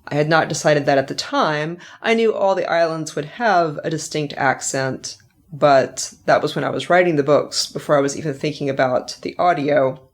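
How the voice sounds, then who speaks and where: A middle-aged woman who writes books hosts her own podcast, reflecting casually and chatting with an occasional laugh. Her voice is low and her pace is normal.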